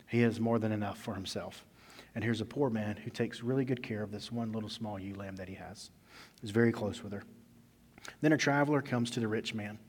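In an echoey church hall, a male pastor with a lowish, breathy-edged voice preaches a sermon like he's telling a story, shifting from loud emphasis to quiet asides.

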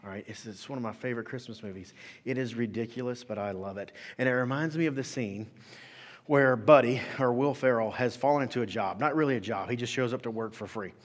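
A man preaching a sermon as pastor, in an animated, conversational way, acting out quotes. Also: mid-range voice, fast, long reverb tail.

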